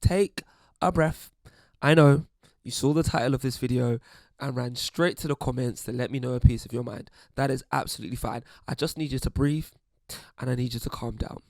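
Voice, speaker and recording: Young british guy vlogging to camera, wry and chatty, bit of fry in his voice. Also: mid-range voice, fairly quick, no room sound. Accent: British English. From England. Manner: chatty, wry, lively asides. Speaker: YouTube host. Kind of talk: casual commentary to camera.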